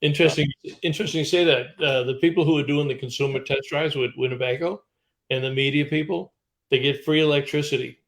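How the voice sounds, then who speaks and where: A man's voice: fairly high pitch, steady tone, fast, a bit bright. A man hosting a live talk show, reading viewer comments aloud and rambling with plenty of uh's. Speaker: show host. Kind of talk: casual chat.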